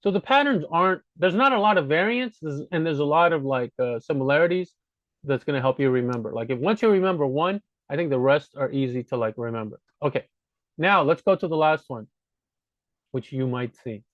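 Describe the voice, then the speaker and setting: Guy explaining grammar kinda casually, keeps going "right?", slightly high voice, dry muffled mic. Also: expressive, brisk, no echo. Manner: casual, explanatory, frequent self-corrections and "right?" checks. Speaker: Spanish teacher. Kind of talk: screen-recorded grammar lesson.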